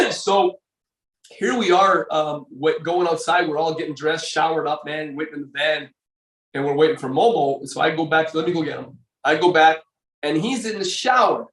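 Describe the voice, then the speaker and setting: A man's voice: a little high, moderate pace, fairly bright tone, reverberant, distant mic, rough recording. An older man, a former bodybuilder, telling a long story as a podcast guest, rambling with many fillers and restarts. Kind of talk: casual storytelling interview.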